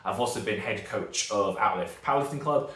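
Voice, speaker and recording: A man's voice: fairly low pitch, brisk, a bit bright, reverberant. A British man in his thirties, a strength coach, giving a casual and rambling video lesson full of tangents and self-corrections. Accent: British, northern English. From Britain.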